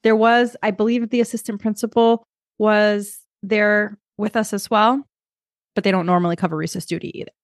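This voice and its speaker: Woman in her 30s, podcast co-host, storytelling all animated, acting out voices, dry close sound. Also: mid-range voice, moderate pace, dry recording. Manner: animated storyteller, acts out kids and herself. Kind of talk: casual storytelling chat.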